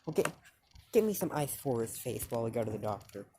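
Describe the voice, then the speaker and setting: A woman voicing a harsh, bossy mother who barks rushed orders. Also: extremely low pitch, big pitch swings, background noise. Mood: scolding. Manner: scolding, rushed, clipped orders.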